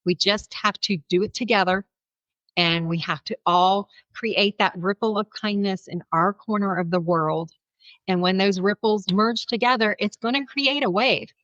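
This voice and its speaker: As a podcast guest known as a kindness speaker, a woman with a bright, forceful voice at medium pitch shares a personal story with lots of laughter. She animatedly acts out what others said, and her dry recording has little room sound and is a little muffled.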